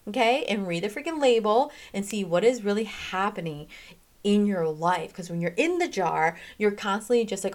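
A woman's voice: medium pitch, moderate pace. Emphatic chatty woman giving life advice. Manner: emphatic, chatty, frequent "okay?" and "freaking"; animated, swings in pace and loudness, laughs often. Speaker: self-help podcast host. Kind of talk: casual motivational talk.

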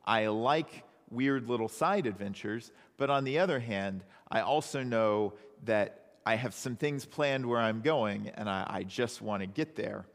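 A man's voice: mid-range voice, unhurried, hardly any pauses, big-room sound. A man preaching a sermon as pastor, in a conversational storytelling manner.

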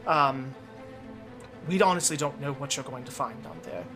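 A man's voice: mid-range voice, expressive, over music, close to an everyday voice. A man voicing a grave woman ship captain. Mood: solemn. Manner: earnest, halting, with ums. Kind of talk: game master voicing a character.

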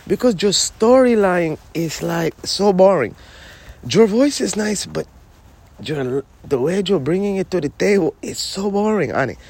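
A man's voice: measured pace, creaky, full character voice. A man voicing a sassy, bossy cohost who teases his partner and calls him honey, in a comedy sketch. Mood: scolding. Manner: teasing, scolding, high and animated.

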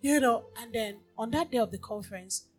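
A woman preaching a sermon, telling stories and moving from hushed, near-whispered talk to loud exhortation. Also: a little high, a little fast, soft background music.

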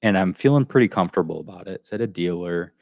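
A man's voice: sits low, animated, quick pace, gravelly, dry recording, highs cut off. A man co-hosting a podcast, telling a long story in casual chat and looping back with "so anyway.". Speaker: podcast co-host.

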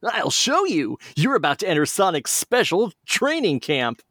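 A man's voice: high-pitched, wildly swooping pitch, moderate pace, a bit bright, dry recording, clean studio sound, pitched above the performer's own voice, exaggerated voice. A man doing a cheerful hero hedgehog. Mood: upbeat. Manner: upbeat, encouraging storybook voice. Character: young male hedgehog hero, kind and confident.

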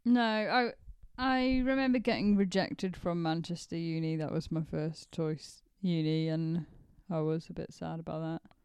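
A chatty woman co-hosting a podcast, her voice smooth and clear. She talks loosely and laughs often, recorded close and dry. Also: low voice, steady tone, measured pace, few pauses, darkish tone, no echo. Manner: giggly, chatty, frequent "like". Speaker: podcast co-host. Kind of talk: casual chat.

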